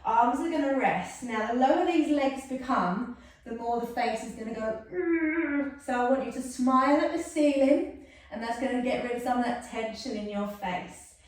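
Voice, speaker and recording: Echoey, distant yoga teacher. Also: female voice, on the high side, normal speed. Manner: soothing, chatty with self-mocking asides. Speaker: yoga instructor. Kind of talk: guided yoga class. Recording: echoey room, mic far off.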